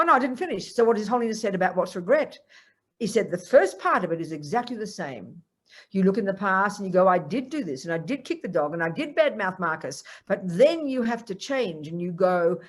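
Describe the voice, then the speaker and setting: Older woman, Buddhist teacher, lively talk, quotes voices. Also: medium pitch. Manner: animated, acts out quoted voices. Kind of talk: Dharma talk to a group.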